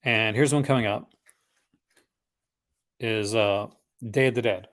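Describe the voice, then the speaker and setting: A man with a lowish, slightly bright voice takes his time while hosting a casual live unboxing stream. He rambles conversationally, with enthusiastic asides about the films in his collection.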